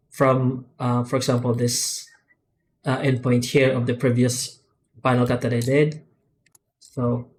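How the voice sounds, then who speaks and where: A man walking through updates to his own software add-ons in an unscripted screen tutorial, talking methodically and pausing often with fillers and restarts. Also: mid-range voice. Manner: halting, unscripted, with frequent "uh" and "um" pauses and restarts; methodical, explanatory walkthrough. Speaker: software tool developer demonstrating add-ons.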